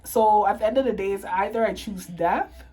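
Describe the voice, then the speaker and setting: A woman's voice: mid-range voice, moderate pace, dark tone, slight background noise, rough recording. A young woman from Toronto, Canada, tearful and impassioned, ranting and swearing in an emotional to-camera vlog monologue. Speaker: vlogger.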